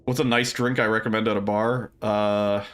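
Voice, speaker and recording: A man's voice: lowish voice, little pitch movement, normal speed, fairly bright tone, slight background noise. A young man livestreaming, chatting casually with viewers, rambling with fillers, laughing often and swearing freely.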